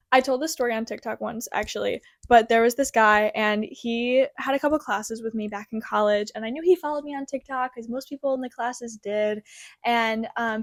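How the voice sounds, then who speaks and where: A young woman with a slightly high voice chats casually to camera from her childhood bedroom. She is an animated storyteller who leans on fillers as she goes. The sound is close and dry, with no room around it. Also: dry recording. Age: young adult. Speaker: crochet pattern designer.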